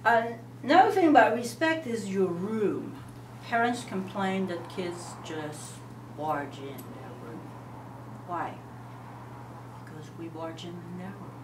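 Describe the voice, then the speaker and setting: Woman instructor, lively pitch, parenting class, roomy echo, distant mic, faint hum. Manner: animated, asks the group rhetorical questions.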